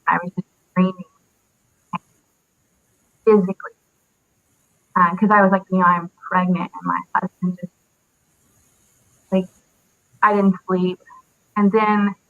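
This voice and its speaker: A young woman in her twenties, an interview guest, recalls a painful loss in a halting way, with many fillers and pauses. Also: lowish voice, level tone, vocal fry, no echo. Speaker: interview guest, military widow. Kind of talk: emotional personal recollection. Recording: dry tinny phone-like audio.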